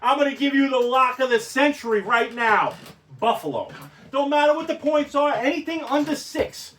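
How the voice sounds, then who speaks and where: A man's voice: extremely high pitch, animated, moderate pace, fairly bright tone, far from the mic, slight background noise. A man co-hosting a sports talk show, arguing bluntly and sarcastically, with some swearing. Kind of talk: heated sports debate.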